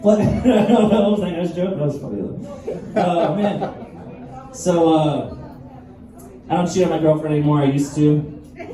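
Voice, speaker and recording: A man with a somewhat high voice performs a loose, profane stand-up set, laughing along with his own jokes. The mic sounds distant in a very echoey room. Audience noise is clearly heard throughout. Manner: profane, laid-back storytelling with laughs. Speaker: stand-up comedian. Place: live comedy venue with audience.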